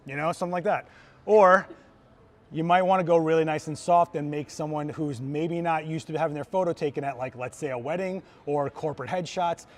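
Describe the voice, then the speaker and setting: During a live instructional gear demo on a trade show floor, a male photographer speaks in a voice a touch higher than most men's. His manner is casual, enthusiastic, and chatty, and he leads his audience through each step as a friendly teacher would.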